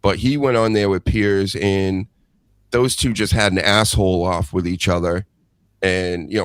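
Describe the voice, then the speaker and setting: A man co-hosting a podcast, chatting casually in an animated, rambling way and laughing easily. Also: on the low side, dry recording. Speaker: podcast co-host. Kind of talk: casual chat.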